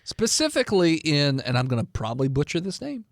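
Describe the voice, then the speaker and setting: A man's voice: on the high side, very animated, normal speed, no room sound, clean studio sound. A man hosting a podcast as game master, narrating the setup between playful banter. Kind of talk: casual chat and game narration.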